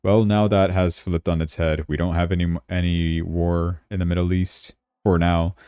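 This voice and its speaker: A man's voice: deep voice, little pitch movement, normal speed, mellow, smooth, dry recording, studio quality. A man hosting a casual crypto livestream, chatting and thinking aloud as he checks his charts, sounding tired. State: yawning, tired.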